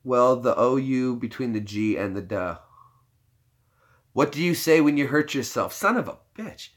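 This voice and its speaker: A man's voice: mid-range voice, measured pace. A young American man hosting a casual livestream chat, joking around, playing with words and laughing often. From United States. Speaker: livestream host.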